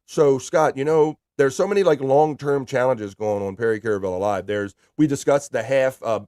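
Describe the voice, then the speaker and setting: A man's voice: medium pitch, moderate pace, no room sound. Man hosting a casual livestream, dry sound. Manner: loose and profane, shouting out chatters by name. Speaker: livestream host. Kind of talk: casual livestream chat, reading viewer comments aloud.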